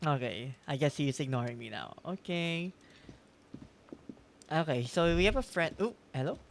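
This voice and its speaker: A man's voice: fairly high pitch, normal speed, gravelly, a little hiss or hum. A man streaming a game, chatting casually, laughing and reading text aloud. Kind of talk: casual gameplay commentary.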